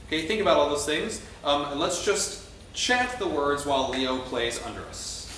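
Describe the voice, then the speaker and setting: A man's voice: on the high side, animated, moderate pace, fairly bright tone. A man conducting a choir rehearsal, explaining the music with frequent ums and restarts. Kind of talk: teaching a choral rehearsal. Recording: very echoey room, distant mic, faint noise.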